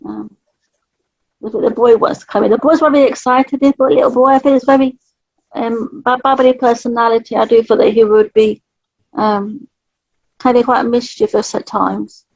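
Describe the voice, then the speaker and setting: Casting: warm-voiced woman, higher pitch, dry close sound, slightly muffled. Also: steady tone, normal speed, vocal fry, dry recording. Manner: gentle, chatty, laughs often. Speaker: spirit artist. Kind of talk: live psychic drawing session.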